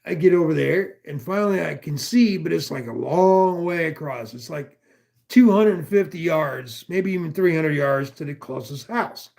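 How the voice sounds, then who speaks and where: Rambling, profane storyteller man, fairly high voice. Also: normal speed, gravelly, a little mellow. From northwestern Pennsylvania. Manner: rambling and profane, with many asides. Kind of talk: casual chat, telling a long story.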